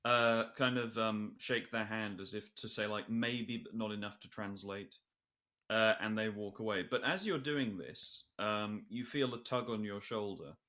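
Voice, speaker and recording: A man's voice: lowish voice, moderate pace, few pauses, bright, forceful tone. A man narrating as game master of a tabletop role-playing game, with many fillers and chuckling asides.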